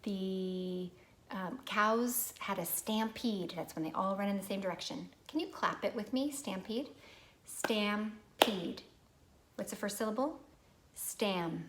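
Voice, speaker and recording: A woman's voice: medium pitch, unhurried, a little hiss or hum. A woman teaching a recorded phonics lesson to young children, patient and prompting them to repeat words.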